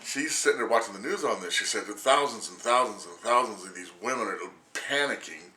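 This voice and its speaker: A man's voice: on the low side, expressive, a little fast, bright, forceful tone, echoey room, slight background noise. A man in his sixties ranting casually to camera, rambling and crude, laughing often as he talks. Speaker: vlogger.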